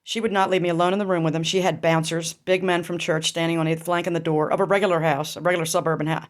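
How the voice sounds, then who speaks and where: A woman's voice: lowish voice, flat delivery, quick pace. A middle-aged woman speaks straight to camera in a personal vlog. Her delivery is raw and intense, peppered with swearing and pointed rhetorical questions. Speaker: vlogger. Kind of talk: emotional personal storytelling.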